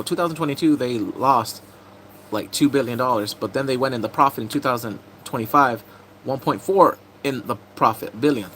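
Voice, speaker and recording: A man's voice: medium pitch, fairly bright tone, a little hiss or hum, poor audio. A man chatting casually on a live stream, muttering asides to himself as he reads entertainment and gaming news aloud.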